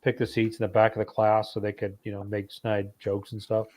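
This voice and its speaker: A man's voice: on the low side, completely flat delivery, a little fast, darkish tone. A man in a casual online chat, telling a story in a rambling way with many fillers and restarts. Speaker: guest in a geek chat stream.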